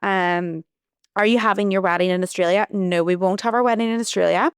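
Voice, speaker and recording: This young woman hosts a podcast and shares a personal story chattily, wandering and restarting as she goes. Her mid-range voice is smooth and fairly quick with fairly even intonation, captured in a clean studio with no echo.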